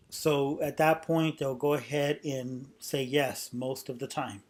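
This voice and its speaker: A man's voice: on the high side, fairly even intonation, slow. A man teaching a sales technique in an unscripted way, often repeating and restarting phrases and acting out sample lines. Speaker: sales trainer. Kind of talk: instructional talk.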